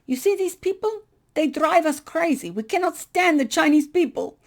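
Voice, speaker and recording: Woman doing a brusque Soviet woman clerk, broken English, blunt, gravelly. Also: very high-pitched, expressive, moderate pace, pitched above the performer's own voice.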